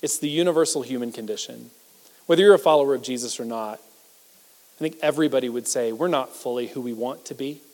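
A man preaching a sermon as pastor, talking conversationally and self-deprecatingly, swinging between loud emphasis and hushed asides. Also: mid-range voice, a little fast. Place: church sanctuary. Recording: reverberant church hall.

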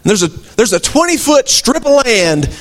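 Animated pastor preaching. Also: male voice, very high voice, normal speed. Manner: conversational preaching, rhetorical questions, emphatic swings; folksy, teasing asides. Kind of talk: sermon.

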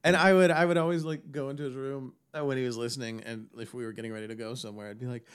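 A man co-hosting a casual podcast chat, animated and laughing often, slipping into voice impressions. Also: mid-range voice, racing, hardly any pauses, clear, resonant tone. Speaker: podcast co-host.

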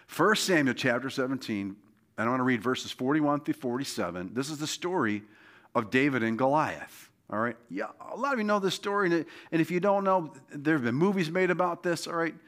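Man, pastor, sermon, impassioned, exhorting, lively swinging pitch. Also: fairly quick. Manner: impassioned, exhorting, repeats "come on" and "all right".

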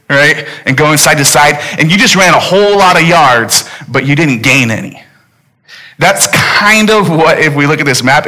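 A man in his thirties preaching a sermon to a congregation in a relaxed, storytelling way, often checking in with "right?". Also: fairly high pitch. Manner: casual, animated storytelling with frequent "right?" asides. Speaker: pastor. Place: church hall, in front of a congregation.

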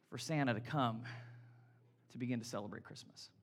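A man preaching a casual, playful sermon as pastor, energetic and talking straight to his congregation. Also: medium pitch, fairly quick. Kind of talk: conversational sermon.

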